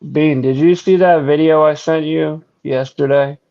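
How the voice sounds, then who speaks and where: A man's voice: steady tone, a little slow, dark tone. A middle-aged man and podcast co-host, chatting casually and telling profane stories with lots of laughing. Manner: profane, laughing storyteller who mimics others in a high voice. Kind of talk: casual chat. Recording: dull lo-fi online call audio.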